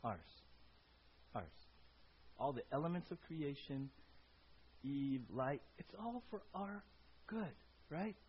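A man's voice: on the high side, lively intonation, slow, pauses often, a little hiss or hum. A man preaching a sermon in a conversational way, asking his listeners questions and tagging his points with "right?". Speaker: pastor. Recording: dull lo-fi sound.

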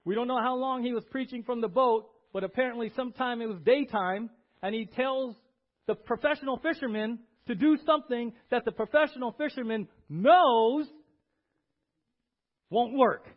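A male pastor preaching a sermon in a church. He is animated and emphatic and asks the congregation questions. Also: extremely high pitch, moderate pace. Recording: dull lo-fi recording.

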